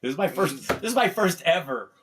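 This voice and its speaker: A man in his fifties, a comedian guest telling animated stories in casual podcast chat, with lots of fillers and restarts. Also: fairly high pitch, fairly quick, noisy background. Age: 50s. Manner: animated anecdotes, acts out quoted voices, frequent fillers and restarts.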